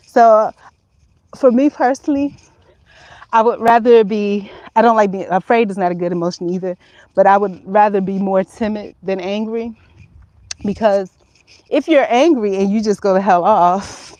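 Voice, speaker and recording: A frank woman in her fifties chats casually at home in a middle-pitched voice. She rambles from thought to thought, laughs easily and swears without fuss. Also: warm tone, poor audio. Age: 50s. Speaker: vlogger. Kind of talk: casual talk to camera. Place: at home, indoors.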